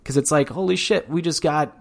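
A man co-hosting a podcast in casual chat, rambling from point to point with an excitable, profane manner. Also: on the high side, brisk, gravelly. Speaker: podcast co-host. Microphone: studio mic.

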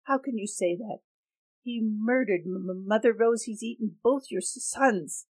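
A woman voicing a young man who stammers and shouts accusations in an audiobook reading. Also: medium pitch, moderate pace, slightly rough, lightly acted. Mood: accusing. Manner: stammers when upset, loud and accusing.

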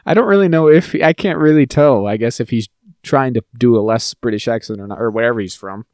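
A man's voice: medium pitch, fast, a little mellow, no echo, clean studio sound. A man co-hosting a podcast in casual chat, wry and mocking as he picks apart movie dialogue. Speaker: podcast co-host.

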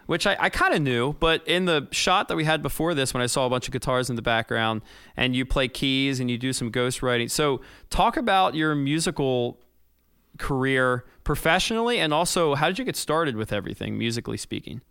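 Bright, crisp-voiced male podcast host. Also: medium pitch, expressive, brisk. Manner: friendly questioning, leads the guest. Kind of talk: casual podcast interview.

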